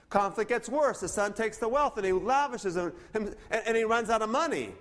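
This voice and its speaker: With a high, fairly bright voice, a pastor delivers a sermon at normal speed, expressive and barely pausing. He reads scripture aloud in an earnest manner, often stumbling and restarting what he says.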